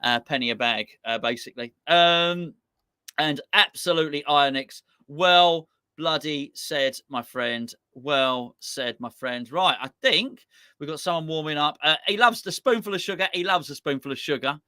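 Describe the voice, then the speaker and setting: A man chats away on a live stream in a bright, slightly high voice. He rambles, laughs at himself and answers viewers' comments. The sound is dry and close. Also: no room sound. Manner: rambling, chatty, self-mocking, reads out viewer comments. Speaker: host. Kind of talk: casual live-stream chat.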